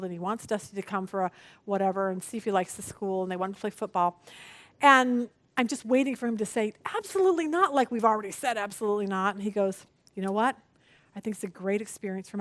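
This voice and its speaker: A woman's voice: fast talker, no room sound. A middle-aged woman teaching a women's Bible study, telling stories animatedly with a self-mocking humor and acting out what people said. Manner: animated storytelling, acts out quotes with big pitch jumps; self-deprecating humor, frequent "okay?".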